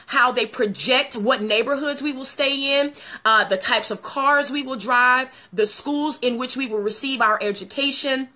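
A woman hosting a live video talk show, excitedly greeting viewers by name in casual talk, with loud high exclamations. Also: normal speed.

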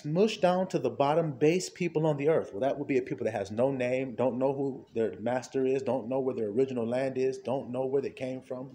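Animated man preaching an informal sermon. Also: slight background noise. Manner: conversational, rhetorical questions, frequent laughter; wide swings between low murmurs and high exclamations.

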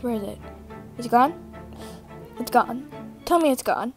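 A woman giving casual commentary over a horror game, excitable and easily startled, repeating her exclamations over and over. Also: fairly high pitch, normal speed, over music. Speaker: gameplay commentator.

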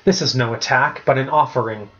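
A man voicing a calm, reasonable boy among the rebels, speaking in a measured way. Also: medium pitch, lo-fi sound, lightly acted.

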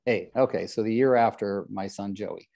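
A man's voice: fairly low pitch, normal speed, gravelly, dark tone. An older man coaching real estate agents in a live group session, joking at his own expense and calling on trainees by name. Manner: joking, self-deprecating, calls on trainees by name.

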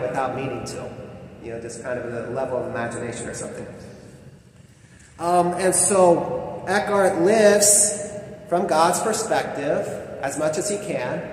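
A man's voice: fairly high pitch, darkish tone. A man preaching a conversational sermon, chatty and full of asides and fillers. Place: church or chapel. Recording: echoey hall with faint noise.

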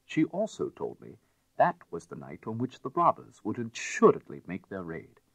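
A man narrating a classic tale as an audiobook in a measured, expressive way. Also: fairly low pitch, creaky, slightly rough, no echo.

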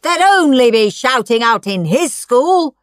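A woman reads a bedtime story aloud with dramatic, expressive delivery. Her voice sits a little high and swings widely in pitch, and she takes her time over each line. Faint music plays underneath on a dry recording. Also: measured pace, no room sound. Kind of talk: scripted bedtime story narration.

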